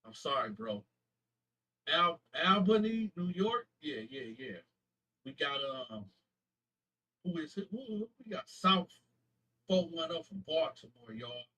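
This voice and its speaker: A man from Flint, Michigan, with a bright, slightly higher voice, casually shouting out viewers on his channel. He talks in loose slang, stumbles over names and corrects himself. His voice sounds husky and distant from the mic. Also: sing-song. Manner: slangy, halting name reading with self-corrections. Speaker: YouTube channel host.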